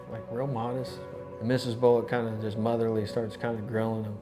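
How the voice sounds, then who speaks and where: A man, an insurance adjuster, telling his story for a documentary in a conversational, animated way with many restarts. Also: medium pitch, normal speed. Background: music.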